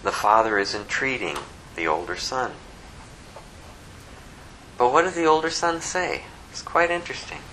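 A man preaching a sermon with a bright, forceful voice. He tells the story in a folksy, animated way, leaning on its drama and asides. A faint noise sits under his voice. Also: mid-range voice, normal speed, long pauses, rough recording.

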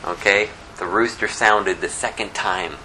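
A man's voice: lowish voice, steady tone, unhurried, pushed and bright, a little hiss or hum, rough recording. A man giving a conversational, verse-by-verse Bible teaching, reading scripture aloud and explaining it in plain words, with a slight lisp. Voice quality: says he has a lisp. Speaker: pastor.

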